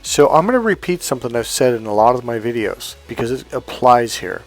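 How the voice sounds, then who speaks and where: A man's voice: medium pitch, expressive, fairly quick, faint music behind. A man working as a dating coach, telling a story to camera in a blunt, casual way with heavy swearing.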